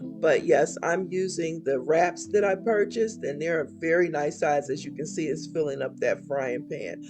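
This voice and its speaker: A woman, chatting casually and warmly to viewers in a homey way in her weight loss vlog. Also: sits low, normal speed, music in the background. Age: 50s.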